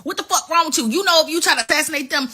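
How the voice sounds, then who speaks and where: Woman host cussing her way through the news, sassy and animated, high bright voice. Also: racing. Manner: profane, animated, sassy street talk. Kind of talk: casual political commentary.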